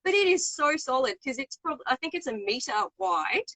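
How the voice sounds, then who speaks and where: A woman's voice: high voice, expressive, normal speed, a bit bright, no room sound, rough recording. A woman guest artist in a casual chat on a video call, rambling and restarting her sentences often.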